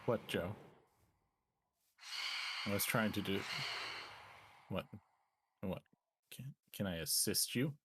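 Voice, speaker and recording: A man streaming a game and chatting casually, run down and talking in a relaxed, rambling way. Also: on the low side, takes it slowly, long pauses, slight background noise. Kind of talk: casual chat.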